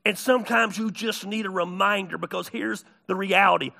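A man preaching a sermon, telling stories with big swings between hushed and shouted delivery. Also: high voice, moderate pace, gravelly, few pauses. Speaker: pastor.

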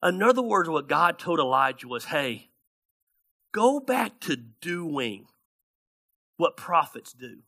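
A man preaching a sermon as pastor, animated and acting out the people in his Bible stories. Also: on the high side, takes it slowly, pauses often.

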